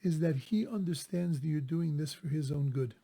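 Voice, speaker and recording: A man's voice: fairly high pitch, moderate pace, warm tone. A rabbi giving a casual, conversational talk on the weekly Torah portion, quoting Hebrew verses and translating them as he goes. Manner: conversational, restarts phrases, Hebrew quotes translated.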